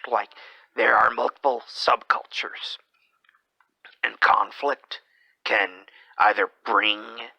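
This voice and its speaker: A man with a gravelly, fried voice drifts through a brooding monologue at a very slow pace, often sinking into whispers partway through a sentence. His tone is sharp and tense rather than soft. The sound is dry and close. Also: mid-range voice, dry recording, poor audio. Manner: slips into whispers mid-sentence; rambling, hesitant delivery. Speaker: podcast host.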